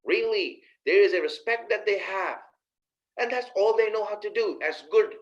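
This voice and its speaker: Male preacher, higher-pitched voice, chatty sermon delivery, muffled lo-fi audio. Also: normal speed. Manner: conversational, addresses listeners directly with rhetorical questions. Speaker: Islamic preacher.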